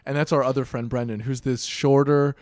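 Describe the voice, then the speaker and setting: A man's voice: mid-range voice, brisk, no room sound, clean studio sound. A young man in casual chat, telling stories with lots of laughter and acting out voices. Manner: animated storyteller who acts out voices with loud laughs.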